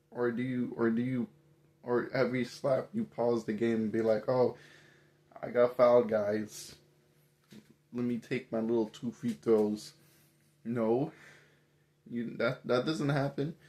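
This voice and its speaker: A man rants in a casual, exasperated way about what bothers him. He keeps firing emphatic rhetorical questions. His voice sits at an ordinary middle pitch. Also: darkish tone. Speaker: commentator. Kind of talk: casual opinion rant.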